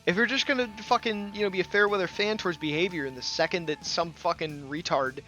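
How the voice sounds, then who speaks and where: A man's voice: high voice, quick pace, sharp tone, highs cut off, soft background music. A man ranting angrily in a gaming commentary video, blunt and full of profanity.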